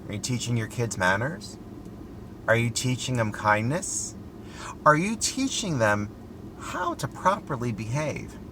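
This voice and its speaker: Bright-voiced chatty man vlogging. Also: mid-range voice, measured pace, slight background noise. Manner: chatty, earnest, lively with rhetorical questions. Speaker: style vlogger. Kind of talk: casual storytelling commentary. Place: inside a parked car outside a store.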